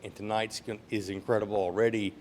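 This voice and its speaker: A man's voice: flat delivery, fast talker, darkish tone. A young man giving a heartfelt, rambling rehearsal dinner speech, laughing between lines. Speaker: groom giving a toast. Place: large banquet room at a yacht club. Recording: reverberant hall with faint rumble.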